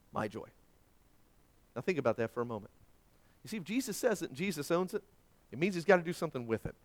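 Male pastor in his thirties, high and animated delivery, stammering repeats when excited. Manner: dramatic storytelling with big swings in pitch and loudness. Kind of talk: sermon.

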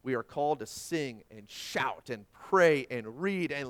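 A middle-aged man preaching a sermon as pastor, swinging between hushed lines and loud, dynamic delivery. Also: medium pitch, animated, a little slow, few pauses, clear, resonant tone.

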